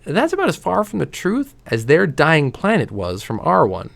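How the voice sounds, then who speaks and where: A man reading a novel aloud to his stream, giving quoted lines lively voices and dropping soft and low on the quiet ones. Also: moderate pace, vocal fry. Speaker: reader.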